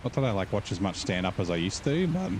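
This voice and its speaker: A man's voice: fairly low pitch, very animated, fast, noisy background. A man giving casual, rambling gameplay commentary and swearing now and then. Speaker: gaming channel host.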